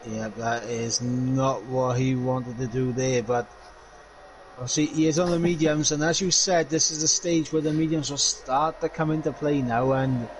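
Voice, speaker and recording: A man giving measured, analytical co-commentary on an online racing league. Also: mid-range voice, fairly even intonation, a little hiss or hum, low-quality recording.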